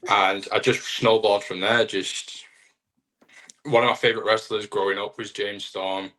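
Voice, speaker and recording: A man's voice: lowish voice, flat delivery, normal speed, bright, forceful tone. A young man, a wrestler, chatting casually in an interview in a rambling, self-deprecating way. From Britain. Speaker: wrestler guest.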